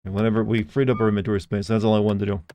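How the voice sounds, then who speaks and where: A man's voice: fairly low pitch, level tone, racing, mellow, slight background noise. A young man casually commenting while he plays a game on a live stream, rambling and reading chat messages aloud.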